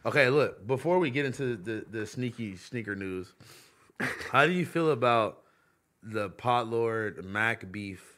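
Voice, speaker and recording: A man's voice: medium pitch, expressive, unhurried, a bit bright. A man hosting a casual podcast chat with friends, joking and talking loosely with lots of fillers. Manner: joking, loose, full of "like" and restarts. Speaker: podcast host.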